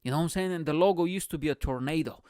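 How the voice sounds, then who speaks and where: A man's voice: a little high, racing, a little mellow, clear, resonant tone, no room sound, clean studio sound. A man from Bulgaria hosting a podcast, delivering a rambling, profane comedic monologue with lots of energy. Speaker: podcast host.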